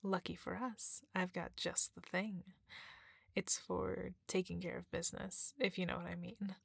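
A woman in a whispered role-play, speaking softly and teasingly with a husky, breathy voice close to the mic. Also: lowish voice, flat delivery, no echo. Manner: soft, teasing, slow and breathy, with frequent murmurs.

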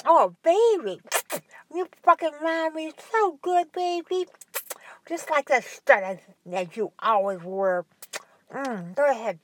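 A woman voicing a passionate adult mother in an adult audio story, with high, shrill cries. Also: lively intonation, slow. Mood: breathless.

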